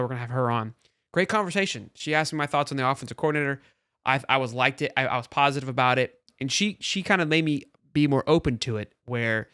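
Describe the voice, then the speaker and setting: Fast-talking man hosting a sports show. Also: mid-range voice, no echo, clean studio sound. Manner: animated, talks fast with restarts. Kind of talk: casual sports talk.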